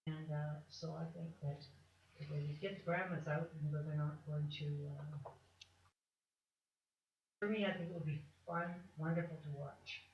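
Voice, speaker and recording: Hoarse woman rambling at a public meeting. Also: sits low, fairly even intonation, a little slow, pauses often, a little hiss or hum. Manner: chatty and rambling, searching for words. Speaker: member of the public speaking at council. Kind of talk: public comment. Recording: echoey chamber, distant mic, dull sound.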